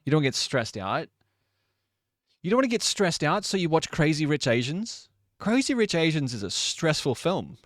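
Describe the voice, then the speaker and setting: A man's voice: on the high side, sing-song, normal speed, fairly bright tone, no echo, clean studio sound. A man in his late twenties or thirties, a streamer chatting casually with his live chat and laughing often. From Australia.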